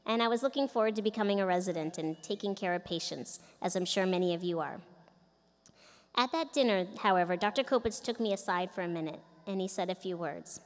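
A middle-aged woman speaks earnestly from a podium at a commencement ceremony. Her voice sits in an ordinary middle pitch. She tells her story through a microphone in a large indoor events arena, with a long reverb trailing each phrase. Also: a little fast. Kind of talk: commencement speech. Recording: echoey arena from a distance.

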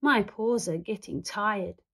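A woman's voice: mid-range voice, slow pace, creaky, slightly rough, heavily acted. A woman voicing a polite, earnest young male bear in a children's storybook reading, speaking in a plain, matter-of-fact way.

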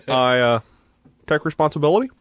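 A man co-hosting a casual podcast, joking around and halting with fillers. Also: fairly high pitch, no echo. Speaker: podcast co-host. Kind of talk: casual chat.

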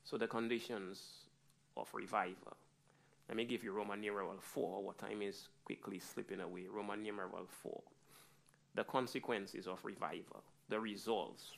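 Male pastor preaching, quiet to loud. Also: gravelly. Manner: preaching that swings from low and quiet to loud and high. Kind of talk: sermon.

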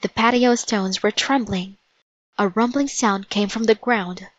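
Slow, unhurried woman storybook narrator. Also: mid-range voice, steady tone, no echo, muffled recording. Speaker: storybook reader. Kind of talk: read-aloud children's narration.

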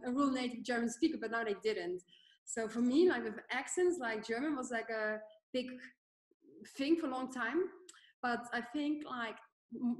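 A woman in her thirties with a Dutch accent, chatting casually as a panel guest, full of "like" fillers. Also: on the high side. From Netherlands. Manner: chatty, many "like" fillers, laughs easily. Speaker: guest entrepreneur. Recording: echoey room.

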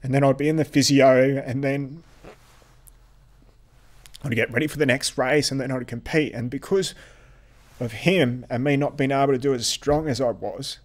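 A man speaks as a podcast guest, recounting his own story. His voice sits at an ordinary middle pitch, and he talks haltingly, often circling back and repeating words as he goes. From Australia. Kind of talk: telling a personal story in an interview.

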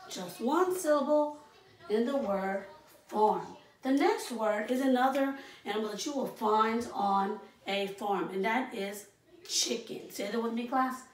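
Woman kindergarten teacher, slow drawn-out sing-song delivery, echoey room, mic at a distance. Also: a little high, a little hiss or hum. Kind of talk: online class lesson.

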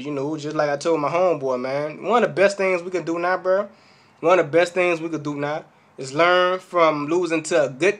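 A young man ranting to the camera as a football fan, keeps checking in with his listeners as he talks. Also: fairly high pitch. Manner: animated, keeps asking "you hear me?". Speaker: sports fan vlogger. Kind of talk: casual fan rant to camera.

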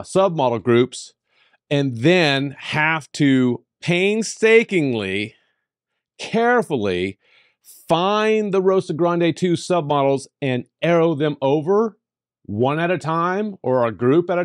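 A man hosting a software tutorial, talking emphatically and playfully, with sudden jumps in pitch for emphasis. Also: no room sound, studio quality. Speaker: tutorial host. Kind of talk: screen-recorded software tutorial.

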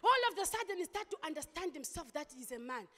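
A woman pastor delivering an impassioned sermon, with sudden loud outbursts. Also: very high-pitched, sing-song, fast, some chatter behind, a little hiss or hum. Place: church hall. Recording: long hall reverb.

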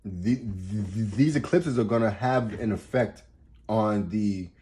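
A man's voice: fairly low pitch, takes it slowly, mellow. A man giving astrology advice in a casual motivational monologue, emphatic, repeating and restarting words and swearing for emphasis. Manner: laughs while getting worked up.

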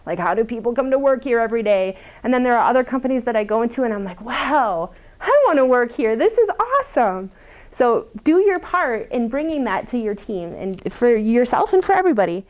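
A woman's voice: fairly high pitch, animated, fast talker, hardly any pauses, darkish tone. Chatty woman presenter, laughing often. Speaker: workshop presenter. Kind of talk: lunch-and-learn talk to a small group.

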